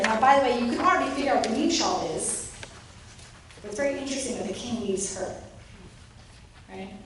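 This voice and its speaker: Female lecturer, high voice, animated delivery, distant mic in a very echoey room. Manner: lively, acts out quoted voices with rising pitch. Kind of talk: academic lecture. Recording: roomy echo, distant mic, faint noise.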